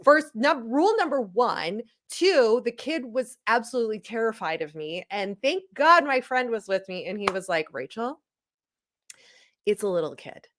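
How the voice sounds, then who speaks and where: A woman from Chicago, a guest on a sports talk show, chatting casually and telling stories in quick animated bursts, full of likes. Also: a little high. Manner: animated storyteller, rapid bursts, rambling with many likes. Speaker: guest hockey podcaster.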